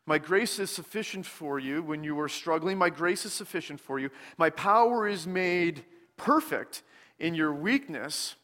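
A man preaching a sermon in a church, speaking slowly and deliberately with many pauses, often dropping to a soft, hushed tone. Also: fairly high pitch, animated, big-room sound. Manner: slow, deliberate delivery with frequent pauses, dropping softer on scripture. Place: church sanctuary.

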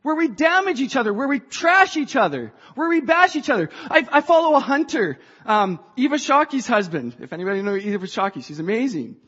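A woman preaching a sermon to a church, passionate and rising to shouts. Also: on the high side, big pitch swings, a little fast, hardly any pauses, husky. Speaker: church speaker. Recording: dull sound in a reverberant hall.

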